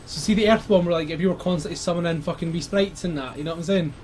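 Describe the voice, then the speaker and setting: A Scottish man with a slightly high voice chatters through a co-op game, excitable and swearing freely. It is a casual let's-play recording with a faint hiss of noise underneath. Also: racing. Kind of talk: casual gaming commentary.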